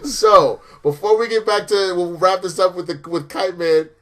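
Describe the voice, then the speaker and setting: A man's voice: high-pitched, moderate pace, a bit bright. A man co-hosting a casual comedy review show, retelling a cartoon episode with profane acted quotes. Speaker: show co-host.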